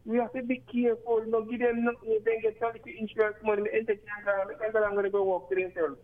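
A man's voice: high voice, quick pace, phone-quality sound. A man calling in to a radio talk show, speaking in a cautious, advising way. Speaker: caller.

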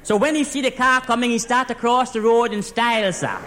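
Playing a driving instructor on the phone with his boss, a Trinidadian man with a fairly high voice talks a little fast through a comic story in dialect. He rushes excitedly from one disaster to the next, adding a polite "sir" to nearly every phrase, with a faint hum in the background. It is a comic monologue heard from one side of the call.

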